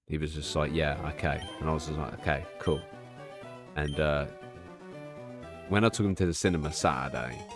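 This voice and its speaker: Low-voiced streamer, blunt and profane. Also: male voice. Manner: candid, profane, rambling storytelling with restarts. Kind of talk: casual live-stream chat.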